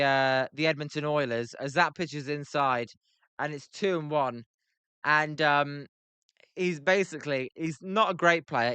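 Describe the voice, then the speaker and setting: A young British man with a British accent calling a baseball game on a livestream, reading chat aloud between pitches with lots of filler words. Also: pushed and bright, clean tone, no echo. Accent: British English. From Britain. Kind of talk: casual play-by-play livestream commentary.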